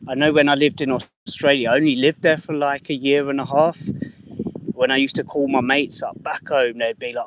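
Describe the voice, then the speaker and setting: English guy in his thirties, mid-pitched voice, easygoing streamer patter with casual swearing. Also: level tone, normal speed, noisy background. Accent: English, slightly mixed. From England. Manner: swears casually, chats to viewers by name. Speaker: livestreamer. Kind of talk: casual live-stream chat.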